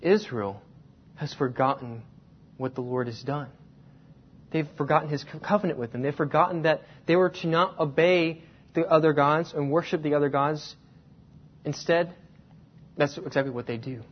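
A man preaching a sermon, telling a personal story and slowing down to stress key words. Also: a little high, slightly rough. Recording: dull lo-fi sound.

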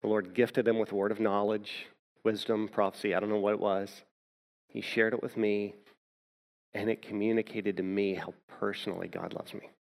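A man pastor preaching a sermon, telling a personal story and often repeating words as he starts a thought. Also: lowish voice.

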